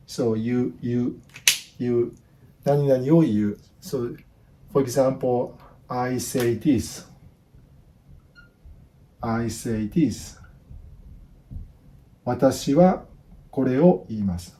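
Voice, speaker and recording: Slow, dark-voiced Japanese man in his 50s. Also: mid-range voice. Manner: halting, repeats words, many restarts. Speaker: language teacher. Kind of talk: casual spoken lesson.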